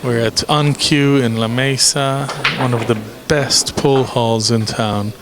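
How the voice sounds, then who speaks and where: A man's voice: mid-range voice, fairly even intonation, slow, background noise. A man calling a pool match on a live stream, casual and bantering. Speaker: pool commentator. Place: pool hall. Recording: pool hall crowd audible behind.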